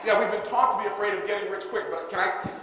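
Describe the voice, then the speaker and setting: In a large, echoey conference hall with faint room noise, a man gives a motivational seminar talk. His high voice is sharp and steady, and he talks fast, energetically getting the audience to call back and repeat his lines.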